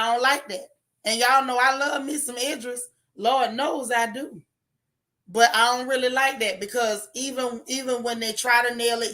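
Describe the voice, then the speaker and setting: A woman's voice: a little high, pushed and bright. A woman with a Florida accent hosting a casual livestream, reading viewer comments and repeating her points with emphasis.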